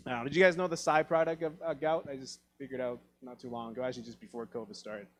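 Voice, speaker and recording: On a theatre stage, a Taiwanese comedian delivers a stand-up set at a quick pace in a mid-range voice. He tells animated stories and acts out voices of other people.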